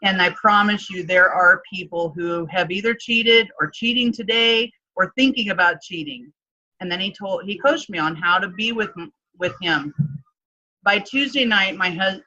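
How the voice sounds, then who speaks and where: Woman coach, low-pitched but bright and forceful, candid storyteller, dull lo-fi sound. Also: moderate pace. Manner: emotional storytelling with many fillers, acts out quotes. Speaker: life coach. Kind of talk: candid personal story in an interview.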